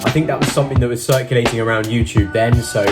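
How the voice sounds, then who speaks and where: A man's voice: medium pitch, steady tone, racing. A man hosting a reaction video, reading scripted commentary with a sing-song, jokey cadence. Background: loud background music.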